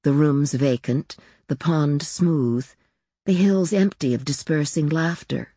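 A woman narrating a literary novel in a measured, unhurried reading. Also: low-pitched, dark tone, breathy edge, dry recording, clean studio sound. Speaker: audiobook narrator.

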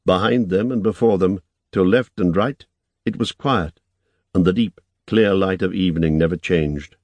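A man narrating an audiobook in a measured, even storytelling manner. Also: low voice, no echo.

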